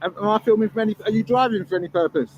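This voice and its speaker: Sarcastic high-voiced man. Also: rapid-fire, highs cut off, slight background noise. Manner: combative, sarcastic, dismissive. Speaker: auditor filming a police building. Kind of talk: confrontational street filming. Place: outdoors on a street.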